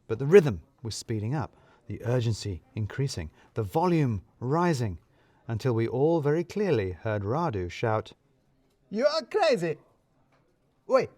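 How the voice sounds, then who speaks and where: A man's voice: medium pitch, warm tone, dry recording. A man narrating a first-person story in a wry, dry, self-mocking way.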